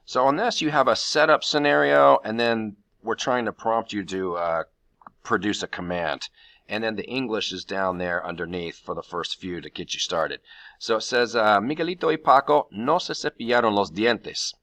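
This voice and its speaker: A man with a bright, forceful tone and a fairly low voice walks students through a Spanish grammar lesson. He explains patiently, step by step, and the recording is dry and close. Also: normal speed, dry recording. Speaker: Spanish teacher.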